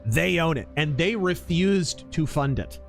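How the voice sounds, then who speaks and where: A man streaming a mech game and chatting casually, an animated storyteller who acts out quotes. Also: on the high side, a little slow, vocal fry, faint music behind. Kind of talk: casual live-stream chat.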